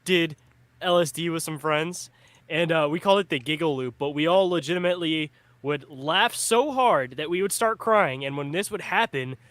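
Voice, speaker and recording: A young man chats easily on a podcast, tossing in "dude" and "bro." His voice sits a little high. The sound is close and dry. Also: moderate pace, a bit bright, no echo. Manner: laid-back, calls people dude and bro. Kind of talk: casual chat.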